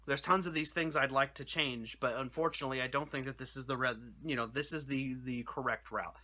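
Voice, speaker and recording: A young man talks straight to his viewers in a loose, rambling way, circling back on himself and filling gaps with "you know". His voice is strikingly bright and sits at an ordinary middle pitch. He jokes easily and laughs at his own lines. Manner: rambling, self-correcting, chatty with frequent "you know". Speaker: YouTube channel host. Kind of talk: casual talk to camera.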